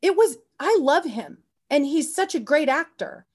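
Animated, rambling woman with a higher voice. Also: measured pace. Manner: animated, rambling, full of asides and restarts; often says "you know what I mean". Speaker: actor and podcast guest. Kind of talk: casual interview storytelling.

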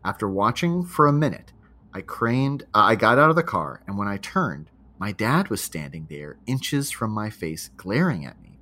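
A man's voice: fairly low pitch, sing-song, moderate pace, pushed and bright. A man co-hosting a podcast, reading a listener's spooky story aloud and chatting, laughing often. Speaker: podcast co-host.

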